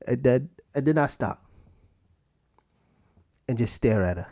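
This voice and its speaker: A man's voice: animated, moderate pace, pauses often, dark tone, husky. Young dude podcast host ranting, loose and profane, lots of bounce in his voice. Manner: loose, profane, jokey storytelling with sudden pitch jumps. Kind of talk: casual podcast rant.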